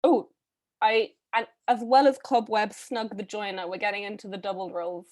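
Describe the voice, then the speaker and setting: A woman hosting a live online read-through, casting roles in a chatty, brisk way with frequent ums, heard over a video call. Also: mid-range voice, steady tone, a little mellow. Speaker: read-a-thon host casting readers.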